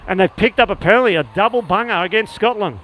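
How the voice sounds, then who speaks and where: A man calling live play-by-play at a sports match, rapid and excitable when a score comes. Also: sits high, slight background noise, low-quality recording. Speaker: play-by-play commentator. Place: outdoor sports venue.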